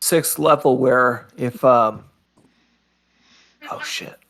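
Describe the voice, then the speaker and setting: Male player, slow and halting, stumbles through rules explanations. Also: medium pitch, vocal fry, a bit bright. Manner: halting, loses his thread with many ums. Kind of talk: playing a tabletop game.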